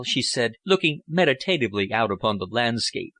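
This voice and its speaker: A man narrating a period novel as an audiobook in a measured, storybook way. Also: mid-range voice, very animated, sharp tone, dry recording.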